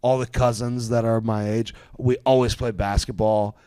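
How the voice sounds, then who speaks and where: A man guest telling a long comic story on a casual podcast, animated and profane, laughing as he goes. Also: medium pitch, moderate pace, clear, resonant tone, no room sound, studio quality. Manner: animated, profane, laughs through his stories. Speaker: comedian guest.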